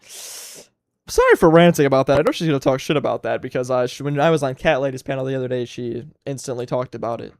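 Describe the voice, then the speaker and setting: A man's voice: mid-range voice, fast, no echo, clean studio sound. A man in his twenties hosting a solo livestream, ranting casually and with plenty of profanity. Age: 20s. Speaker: livestream host.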